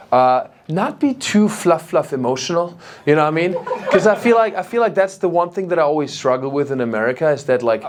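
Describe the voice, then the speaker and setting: A man's voice: mid-range voice, a little hiss or hum. German-accented man doing playful crowd work. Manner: playful, animated, frequent laughter. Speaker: stand-up comedian.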